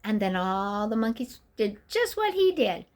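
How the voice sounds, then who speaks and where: An older woman reading a picture book aloud to children, expressively, and pausing to ask the listener questions. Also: mid-range voice, very animated. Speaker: storyteller.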